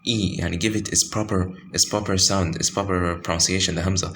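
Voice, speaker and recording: Tajweed teacher, man, very low voice, halting delivery full of fillers, faint room hum. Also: fairly even intonation, vocal fry, a bit bright. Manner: halting, many fillers and self-corrections. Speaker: Quran recitation teacher. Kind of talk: informal tajweed lesson with screen pointing.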